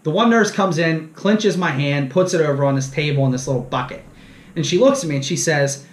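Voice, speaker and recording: This fishing-show host speaks at a normal speed in a fairly high pitch, his voice reverberating. Casual and lively, he mocks himself through an anecdote, performing each line of quoted dialogue.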